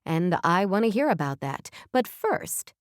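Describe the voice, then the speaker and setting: A woman's voice: fairly low pitch, sing-song, unhurried, clean tone, no room sound. A woman voicing a confident, brash female boss in an audiobook, speaking bubbly and bossy in a dry, close recording. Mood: exuberant.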